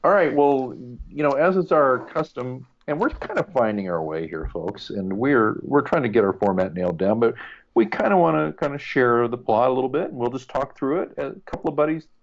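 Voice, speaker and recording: A man's voice: medium pitch, expressive, brisk, lo-fi sound. A man co-hosting a casual podcast, chatty and joking with playful asides. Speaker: podcast co-host. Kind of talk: casual chat.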